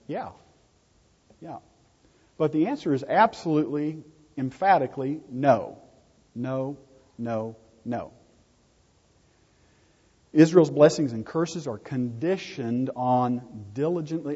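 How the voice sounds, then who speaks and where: Emphatic preacher in a reverberant hall. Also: male voice, medium pitch, mellow, husky. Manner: emphatic, repeats key words for stress. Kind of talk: sermon. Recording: dull lo-fi recording in a reverberant hall.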